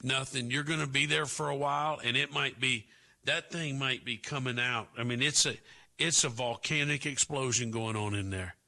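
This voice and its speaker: A man hosting a talk radio show, delivering sarcastic commentary with drawn-out asides. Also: medium pitch, gravelly, sharp tone.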